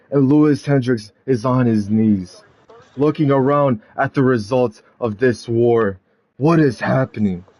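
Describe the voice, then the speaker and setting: A man narrating a wrestling video game storyline in a dramatic play-by-play style, building to loud climaxes. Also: mid-range voice.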